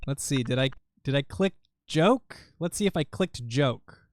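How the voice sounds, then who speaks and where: A man's voice: mid-range voice, expressive, unhurried, a little mellow, a little hiss or hum. A man streaming live while he edits video, rambling and muttering to himself in a casual, self-amused way.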